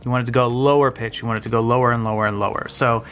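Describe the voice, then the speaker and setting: Racing along in a medium-pitched voice, a channel host who builds guitars gives a relaxed, step-by-step tutorial from his home workshop. He works hands-on and restarts himself now and then.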